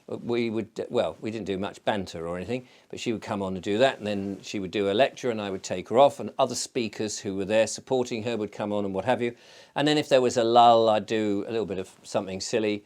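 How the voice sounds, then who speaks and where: Male host, relaxed and digressive, chats like he's spinning yarns to friends. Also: lowish voice, fairly quick. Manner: digressive storyteller, chatty with many fillers. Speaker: channel host. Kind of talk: casual rambling vlog chat.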